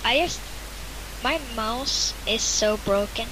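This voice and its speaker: A woman's voice: a little high, slow, a bit bright, a little hiss or hum, low-quality recording. A woman joining a game stream as a fellow player, offhand and a bit hesitant. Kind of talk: casual gaming chat.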